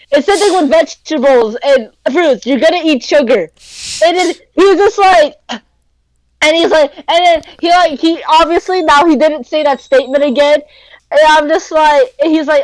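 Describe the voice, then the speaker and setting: A woman's voice: high-pitched, normal speed, dry recording, low-quality recording. A young woman co-hosting a podcast, telling a rambling story in casual chat, full of fillers and slangy asides. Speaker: podcast co-host.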